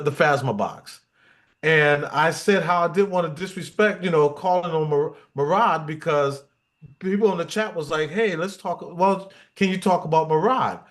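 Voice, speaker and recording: A man's voice: on the high side, a bit bright. A man hosting a casual online chat, joking and bantering with his guests. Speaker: host.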